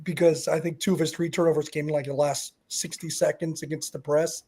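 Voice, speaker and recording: Slightly high-voiced male podcast co-host. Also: level tone, brisk, dark tone, slightly rough. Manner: thoughtful, trails off, restarts sentences. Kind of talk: casual sports analysis.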